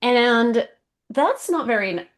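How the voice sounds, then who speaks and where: A woman's voice: a little high, expressive, takes it slowly. A woman podcast co-host in casual chat, thoughtful and playful.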